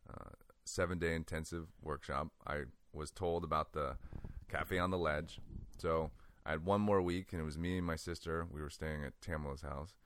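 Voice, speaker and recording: A man telling a personal story in casual conversation, animated and laughing often, with lots of "like". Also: very deep voice, moderate pace. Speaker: guest.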